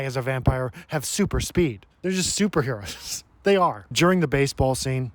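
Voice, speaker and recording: A young man giving a casual, sarcastic comedic book review, often laughing at his own jokes. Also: medium pitch. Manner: sarcastic, mocking, frequent laughter.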